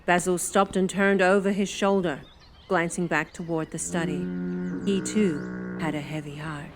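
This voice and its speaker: A woman narrating an audiobook in a measured, descriptive way. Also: lowish voice, steady tone, background noise. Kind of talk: scripted narration.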